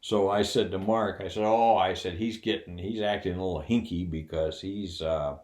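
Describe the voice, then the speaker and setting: A man's voice: low voice, normal speed, a little mellow, roomy sound. An older man casually telling a funny personal story, acting out the other people's voices and laughing along as he goes. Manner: folksy, laughs while telling.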